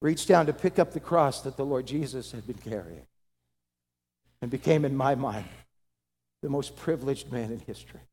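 Dramatic preacher in a reverberant hall. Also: male voice, medium pitch, moderate pace, long pauses, husky. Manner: dramatic, swings from loud to hushed. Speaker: pastor. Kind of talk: dramatic sermon storytelling.

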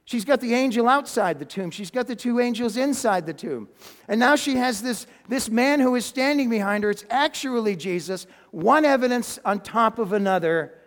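Pastor, man, high-pitched, storytelling sermon with long hall reverb, swings from loud to hushed. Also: moderate pace. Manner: animated storytelling, drops to a near-whisper for emphasis; chuckles and restarts sentences.

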